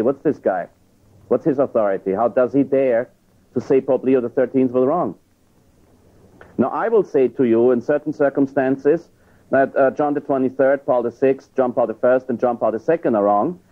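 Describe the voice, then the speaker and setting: A priest giving an emphatic lecture on church teaching, arguing with rhetorical questions. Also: male voice, mid-range voice. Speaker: priest and theologian. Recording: tinny lo-fi archive recording.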